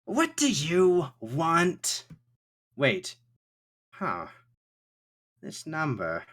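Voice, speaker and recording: A man's voice: on the high side, huge pitch swings, drawn-out words, a bit bright, pitched above the performer's own voice, exaggerated voice. A man doing a gloating male mad scientist. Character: scheming male scientist who made a clone.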